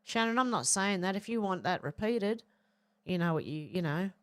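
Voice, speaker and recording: A woman's voice: medium pitch, moderate pace. A woman hosting a livestream, reading out viewer comments and chatting back, with a throaty voice from a tickle in her throat. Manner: reads comments out flatly, then adds chatty asides. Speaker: livestream host reading chat. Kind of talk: casual chat, reading viewer comments aloud.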